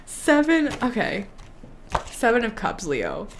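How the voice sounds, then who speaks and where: A woman giving a casual tarot reading to camera, chatty and quick to laugh, with lively emphasis. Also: a little high, a little hiss or hum. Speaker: tarot reader.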